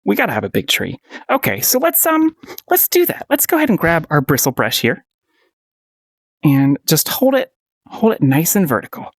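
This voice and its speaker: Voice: medium pitch, wildly swooping pitch, normal speed, no room sound, clean studio sound. A painting instructor giving a casual paint-along tutorial, playful and encouraging, often giggling and repeating short phrases.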